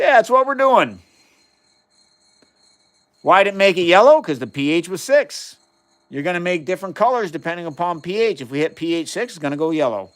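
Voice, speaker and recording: An enthusiastic man in his fifties with a slightly higher voice chats casually on a livestream. He explains acids and bases in plain words and reads out viewers' questions as he goes. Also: a bit bright. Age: 50s. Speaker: chemistry livestream host. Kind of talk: casual live-stream chat while doing experiments.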